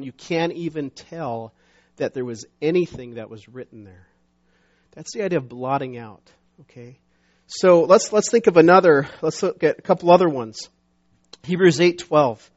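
A middle-aged man preaches in a loose, chatty way, stumbling over restarts and fillers before rising to emphatic scripture readings. His voice sits a little high for a man. The recording is dull and lo-fi. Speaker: pastor. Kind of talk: sermon. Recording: dull lo-fi sound.

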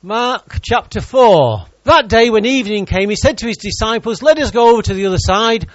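A man's voice: sits high, lively intonation, moderate pace, no room sound, muffled recording. A man preaching a sermon in church, reading scripture and joking with the congregation.

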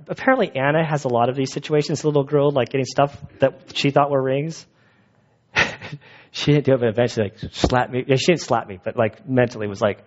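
A man's voice: medium pitch, fairly quick. Casual rambling male preacher. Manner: casual, rambling, self-interrupting. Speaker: pastor. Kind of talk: sermon with personal stories. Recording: dull muffled sound.

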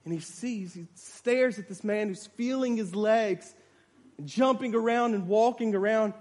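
A man's voice: high voice, unhurried, darkish tone. A man preaching a sermon, retelling a story dramatically and acting out the voices of its people.

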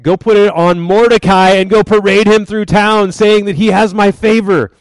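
A man's voice: sits high, steady tone, moderate pace, dry recording. A man voicing an ancient king who gives orders in a commanding manner. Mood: pleased. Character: ancient male king, commanding and quick to anger.

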